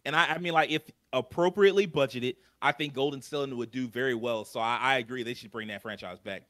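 A young man chatting on a podcast, rambling and frank with casual swearing. His voice is bright and forward, at a mid pitch. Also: brisk. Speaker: podcast co-host.

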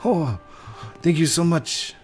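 A man voicing a polite male painter shopkeeper in a game, in a made-up accent with a raised pitch. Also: wildly swooping pitch, slow, heavily acted. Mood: polite, surprised. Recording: game music behind.

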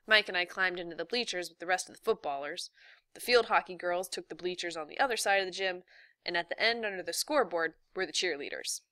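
A woman reading a novel aloud in a steady, even narration. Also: lowish voice, quick pace, no echo, studio quality. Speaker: reader.

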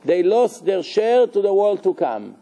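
A rabbi gives a live Torah lecture in a high voice, speaking a little slowly. He keeps it lively and joking, quizzing his listeners and dropping in Hebrew terms.

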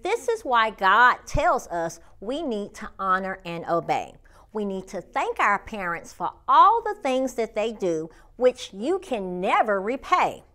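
A woman hosting a children's Bible lesson, speaking straight to the kids in a lively way. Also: medium pitch, measured pace. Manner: lively, addresses children directly.

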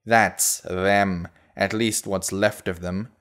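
A man voicing a cunning, menacing male imp leader in an audiobook, with a put-on Southern drawl and slow threats. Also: low voice, fairly even intonation, fairly bright tone, heavily acted. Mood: threatening.

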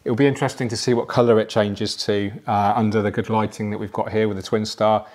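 A man casually explaining how he plants an aquarium, chatty and relaxed, with frequent fillers and asides. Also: lowish voice, fast talker. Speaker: aquascaping presenter.

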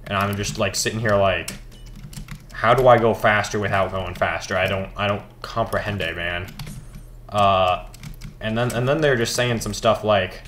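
A teenage boy rambles casually while gaming for his vlog, laid-back and mumbling, with hesitant fillers. His voice is on the low side and a bit bright, and he talks at a moderate pace. Faint background noise and keyboard clicks can be heard.

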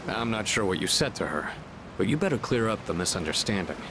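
A casual young student pal. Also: male voice, on the low side, big pitch swings, fast, background noise. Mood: encouraging. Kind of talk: video game voice acting. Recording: game dialogue over background music.

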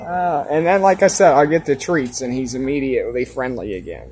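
A man's voice: medium pitch, brisk, few pauses, noisy background. A man filming his outdoor cats, talking to them in a laid-back, chatty, teasing way and explaining their habits. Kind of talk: casual vlog narration. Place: outdoors at home.

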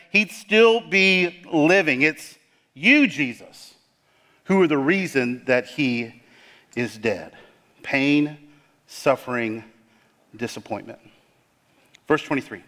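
Emphatic preacher man in a reverberant church. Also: a little high. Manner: dramatic emphatic preaching, drops to a hush on key words. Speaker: pastor. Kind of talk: sermon. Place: church sanctuary. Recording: long hall reverb.

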